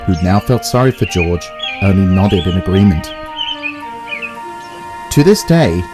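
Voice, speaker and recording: A man narrating a spooky children's engine story with expressive delivery. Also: on the low side, low-quality recording. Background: background music.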